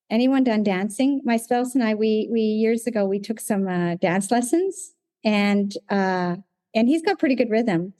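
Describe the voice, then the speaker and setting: A middle-aged woman sharing her recovery story at a meeting, animated, acting out her own past conversations. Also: mid-range voice, no echo. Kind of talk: personal testimony in a recovery meeting.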